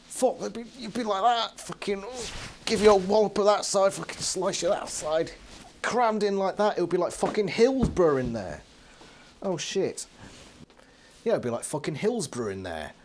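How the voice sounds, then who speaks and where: Animated, foul-mouthed British man. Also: medium pitch, slight background noise. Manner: animated, sarcastic, swears freely, laughs often. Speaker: book reviewer. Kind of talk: casual video review. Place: living room at home.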